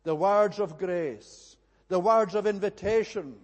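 A man preaching a sermon in an earnest, measured way, with an occasional slip or restart. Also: sits high, a little mellow, long reverb tail.

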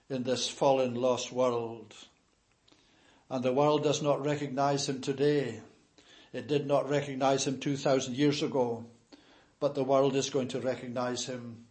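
A man preaching a sermon with a somewhat high-pitched voice. He speaks in a measured, emphatic way and stumbles over words now and then. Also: darkish tone.

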